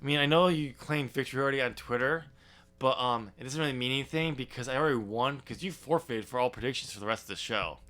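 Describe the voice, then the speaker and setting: Podcast guy, bright kinda tense voice, teasing, rambly with lots of ums. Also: mid-range voice, fast talker. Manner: teasing, rambling with many fillers. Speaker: podcast co-host. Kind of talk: casual wrestling podcast chat.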